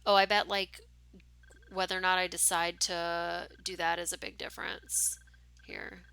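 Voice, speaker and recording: A woman's voice: on the low side, flat delivery, a little slow, creaky, bright, forceful tone, smooth, no room sound. A woman streamer reading a story game aloud, slipping into casual asides with fillers.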